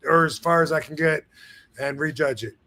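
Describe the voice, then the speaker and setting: Laid-back bright-voiced male host. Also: a little high, moderate pace. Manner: laid-back, rambling with many fillers and restarts. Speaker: show host. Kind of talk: casual live-stream chat.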